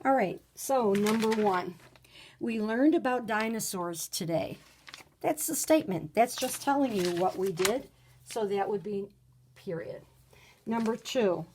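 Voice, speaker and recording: A woman teacher takes children through a recorded lesson in an unhurried, patient voice. Her pitch sits in a middle range. She reads example sentences with sudden lively exclamations. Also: breathy edge. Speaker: third grade teacher.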